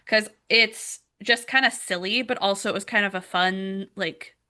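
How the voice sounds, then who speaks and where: A woman's voice: mid-range voice, fairly even intonation, moderate pace, bright, forceful tone. A woman co-hosting a book podcast, talking casually and hesitantly with fillers. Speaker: podcast co-host.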